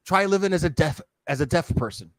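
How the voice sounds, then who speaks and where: Streamer, male, high-pitched for a man, swearing rant, dry close sound. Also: animated, a little fast, no room sound. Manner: profane, heated, talks straight to chat. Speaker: streamer commenting on a video. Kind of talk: casual ranting commentary.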